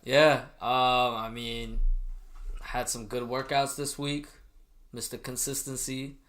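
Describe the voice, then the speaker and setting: A man with a bright, forceful voice, co-hosting a podcast. He talks in an energetic, rambling way and trails off softly at the ends of his thoughts. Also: mid-range voice, takes it slowly. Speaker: podcast co-host. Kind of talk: casual chat.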